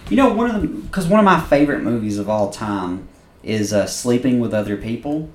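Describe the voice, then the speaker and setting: Animated swearing podcast man, roomy sound. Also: mid-range voice, brisk. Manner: animated storyteller, acts out quotes, swears often. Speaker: podcast co-host. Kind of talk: casual chat. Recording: roomy echo.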